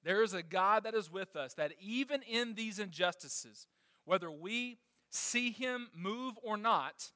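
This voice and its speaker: A man delivers a sermon in a high, bright voice, climbing in pitch and force whenever he reads scripture aloud. He speaks straight to the congregation and asks them questions. The sound is dry and close. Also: no room sound, in a large hall. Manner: passionate preaching, rising when reading scripture. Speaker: pastor.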